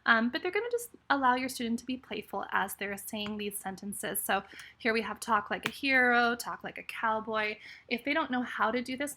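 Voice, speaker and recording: A woman's voice: a little high, pushed and bright. A woman, a speech therapist, walking through a therapy resource in a friendly, explanatory way with frequent fillers. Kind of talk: screen-share walkthrough tutorial.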